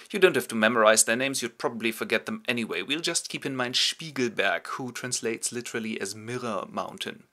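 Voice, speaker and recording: A man's voice: mid-range voice, pushed and bright. A man narrating a comic summary of a classic play, with wry ironic asides. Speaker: host and narrator.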